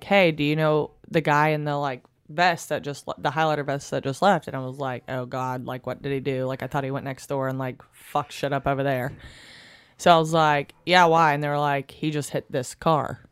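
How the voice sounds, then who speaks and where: Chatty woman telling a story, smooth voice. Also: low-pitched. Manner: animated, laughing, acts out quotes, many "like"s. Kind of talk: casual storytelling among friends.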